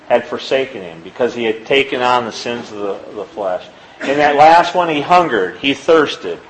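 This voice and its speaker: A man's voice: a little hiss or hum, rough recording. Man giving a conversational sermon. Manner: conversational, reads scripture aloud, rises in pitch when pressing a point. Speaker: lay preacher. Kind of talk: informal sermon.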